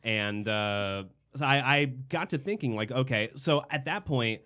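A man's voice: mid-range voice, expressive, a little slow, sharp tone. A man hosting a casual comedy podcast, telling stories in a laid-back, wry way. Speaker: podcast host.

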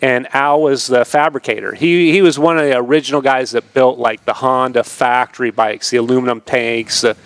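A man in his fifties tells old racing stories as a podcast guest, relaxed and meandering. His voice sits at an average pitch and is recorded dry and close. He laughs easily and slips into other people's voices for quotes. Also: normal speed, few pauses, no room sound. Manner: laid-back, rambling, laughs often, acts out quoted voices. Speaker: podcast guest, retired motocross racer. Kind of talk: casual storytelling interview.

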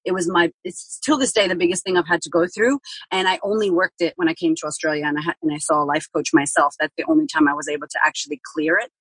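A woman's voice: low voice, fairly even intonation, fast talker, fairly bright tone, breathy edge, no echo, rough recording. A woman speaking as a guest on a podcast, telling a personal story frankly and vividly, acting out what she said back then and swearing casually. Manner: frank and vivid, acts out her own past words, swears casually.

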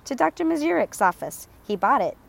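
A woman voicing a calm, resourceful father in a storybook reading, speaking firmly and plainly. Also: high voice, brisk, voice pushed up, exaggerated voice. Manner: firm and level, raising his voice to clear a path. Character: calm steady father, quick-witted and resourceful.

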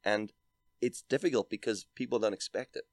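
Fast-talking deep-voiced Northern Irish man. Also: no room sound. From Northern Ireland. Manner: dry, deadpan storytelling with lots of "like". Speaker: podcast guest, content creator. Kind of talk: casual chat.

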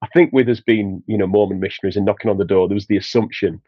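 A man's voice: lowish voice, fairly even intonation, very fast, breathy edge, no echo, highs cut off. A man from Sheffield with a Yorkshire accent, chatting as a podcast guest and telling anecdotes with a laugh. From England, Sheffield. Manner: chatty, laughs through his anecdotes, many restarts. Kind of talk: casual storytelling.

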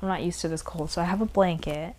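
A young woman hosting a casual podcast, congested, rambling and correcting herself, often dropping to quiet asides. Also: on the low side, quick pace. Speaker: podcast host. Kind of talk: casual chat recap.

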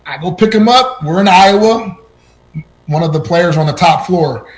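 A man telling personal stories on a podcast in an animated way, his voice jumping up at tense moments, with frequent restarts. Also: sits high, moderate pace, rough recording. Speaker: podcast guest. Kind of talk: personal storytelling.

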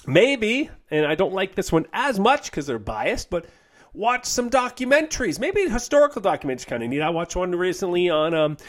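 A man with a slightly high voice rants on his podcast, blunt and profane. His pitch leaps around with animated emphasis. He mocks the people he complains about without holding back. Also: moderate pace. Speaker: health coach and podcast host. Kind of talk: casual podcast rant.

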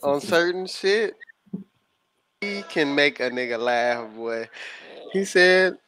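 A woman's voice: sits low, lively intonation, slow pace, fairly bright tone, slight background noise. A woman hosting a podcast livestream, chatting casually and laughing as she retells a clip. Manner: laughing, amused commentary. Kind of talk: casual chat.

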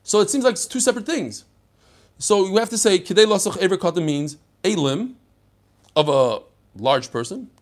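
A man's voice: high voice, expressive, normal speed. An older man teaching a daily Talmud class, chatty and digressive, mixing Hebrew and Yiddish terms into his talk. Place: study hall.

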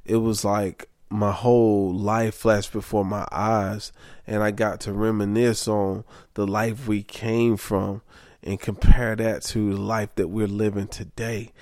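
A man's voice: lowish voice, little pitch movement, measured pace, darkish tone, dry recording, studio quality. A young adult man, worn out from lack of sleep, talking candidly and emphatically about his life. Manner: candid, emphatic, says okay often. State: sleep-deprived, tired. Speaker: vlogger. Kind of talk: casual personal monologue.

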